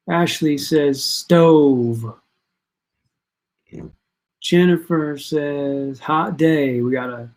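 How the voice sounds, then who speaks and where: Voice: medium pitch, a little mellow. A parent hosting a casual online quiz stream for students, chatting and reading out players' answers and scores. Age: adult parent.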